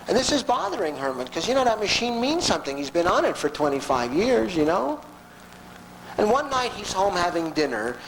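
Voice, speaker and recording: A man giving a storytelling lecture to an audience in a folksy, animated way with frequent asides. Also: fairly high pitch, slight background noise, rough recording.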